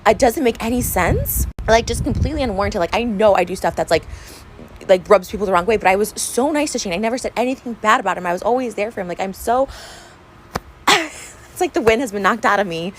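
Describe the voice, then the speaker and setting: Young woman, unscripted vlog, venting, rambling, mid-pitched voice. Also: animated, fairly quick, slight background noise. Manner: rambling, fillers of "like", upset and venting. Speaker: vlogger. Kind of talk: unscripted vlog rant to camera.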